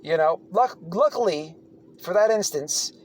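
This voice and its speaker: A man spins a casual, rambling tale in a somewhat high voice. He is blunt and swears freely, backing up to restart his sentences as he goes. A faint background noise sits under his voice. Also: animated, measured pace. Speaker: channel host telling prison stories. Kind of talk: casual storytelling monologue.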